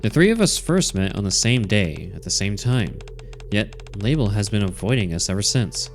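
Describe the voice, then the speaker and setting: Male streamer, low pitch, reads a story game aloud with blunt, cursing asides over faint music. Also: big pitch swings, moderate pace. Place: home streaming setup.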